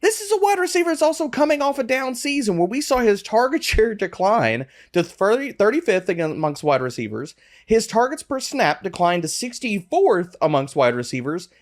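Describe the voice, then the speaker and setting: A man's voice: high-pitched, very animated, moderate pace. A man co-hosting a podcast, ranting emphatically in casual chat. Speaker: podcast co-host.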